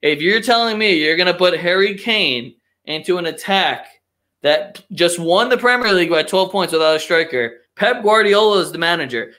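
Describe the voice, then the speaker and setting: A young man hosts a loose soccer talk stream and rants with heavy swearing and strong opinions. His voice is bright and edgy and sits a little high. He often breaks into mocking impressions of other people. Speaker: podcast host. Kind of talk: casual soccer chat, live stream.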